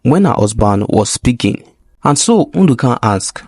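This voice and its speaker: A male storyteller reading a folk tale in an expressive way. His pitch moves in a lively manner, and the voice sits at a middle height. The recording is close and dry. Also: measured pace, slightly rough, dry recording.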